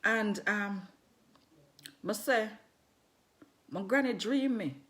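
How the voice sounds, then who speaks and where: A woman's voice: medium pitch, slow, a bit bright. A middle-aged woman, telling a personal story casually with patois and frequent laughter. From London.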